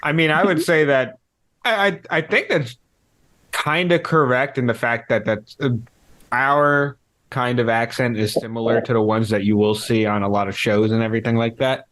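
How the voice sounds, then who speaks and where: A man co-hosting a podcast in relaxed, joking casual chat, often stumbling over restarts. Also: mid-range voice, moderate pace. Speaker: podcast co-host.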